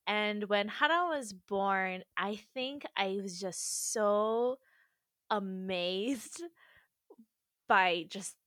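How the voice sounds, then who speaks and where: Woman from korea, podcast co-host, casual chat, slow unhurried pace, dry sound. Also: mid-range voice, a bit bright, no echo. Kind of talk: casual chat, sharing memories.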